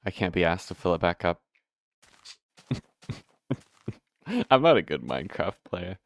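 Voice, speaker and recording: Deep-voiced man rambling through gameplay. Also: big pitch swings, unhurried, creaky. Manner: rambling, self-correcting, swears casually. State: hiccuping. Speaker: gameplay video host. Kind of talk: casual gameplay commentary.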